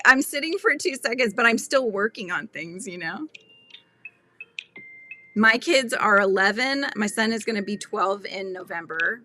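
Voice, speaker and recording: A woman's voice: mid-range voice, bright, forceful tone. A woman in her thirties chatting casually with her live chat while she crochets at home, laughing often. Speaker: crochet channel host.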